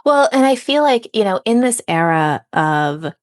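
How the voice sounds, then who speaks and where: A woman's voice: mid-range voice, very animated, a little slow. A young woman co-hosting a podcast, chatty and enthusiastic, with many fillers. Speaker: podcast co-host. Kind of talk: casual conversation.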